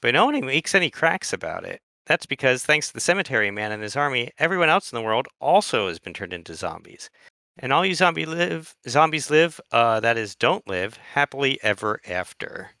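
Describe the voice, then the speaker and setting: A man's voice: mid-range voice, big pitch swings, fairly quick, creaky, sharp tone, no room sound, studio quality. A man co-hosting a podcast, reading a book aloud live and chatting casually. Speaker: podcast co-host.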